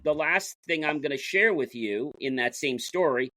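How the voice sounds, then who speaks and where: Energetic man telling stories, dry sound. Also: on the high side, moderate pace, no echo. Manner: energetic, retells stories acting out the dialogue, with frequent restarts. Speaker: guest. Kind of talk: casual interview storytelling.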